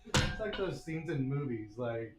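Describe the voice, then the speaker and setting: A man's voice: medium pitch, big pitch swings, a little slow. A man blacksmith streamer casually telling a story while working in his workshop, in a wry, anecdotal way. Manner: laid-back, wry anecdotal delivery. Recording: echoey workshop with faint ambient noise.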